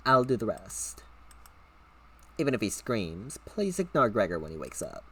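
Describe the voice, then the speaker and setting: A man voicing a calm, polite woman caretaker with a dark side, speaking gently and softly. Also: lowish voice, moderate pace, breathy edge, full character voice. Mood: sweetly sinister.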